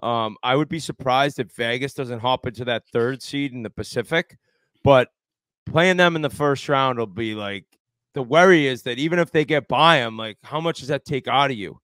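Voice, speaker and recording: A man's voice: mid-range voice, moderate pace, fairly bright tone, no room sound. A man in his forties telling locker-room stories and talking hockey in a casual, swearing podcast chat. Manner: swearing, storytelling, chirping banter. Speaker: podcast guest, former hockey player.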